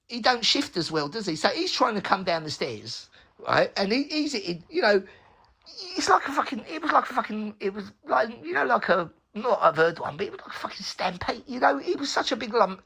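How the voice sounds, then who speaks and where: Gravelly, husky man telling a rambling story. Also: high-pitched, a bit bright. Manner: rambling, sweary, laughing asides. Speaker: recovery storyteller. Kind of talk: casual spoken storytelling.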